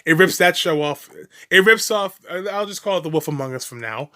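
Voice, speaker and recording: A man's voice: on the high side, lively intonation, fairly quick, bright, forceful tone. A man doing a reaction commentary, profane, sarcastic and mocking, rambling with restarts and laughs.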